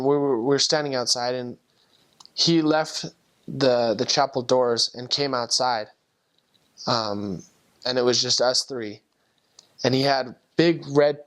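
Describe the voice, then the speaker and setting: A man's voice: mid-range voice, fairly bright tone, clear, resonant tone. Earnest man telling a heartfelt testimony. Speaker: former missionary. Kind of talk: personal faith testimony story.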